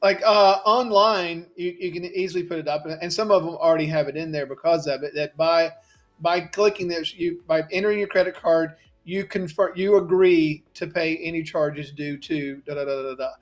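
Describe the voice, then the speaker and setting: A man with a somewhat higher voice co-hosts a salon business show. He gives plain, practical advice in a casual way and thinks aloud as he talks. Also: steady tone, normal speed.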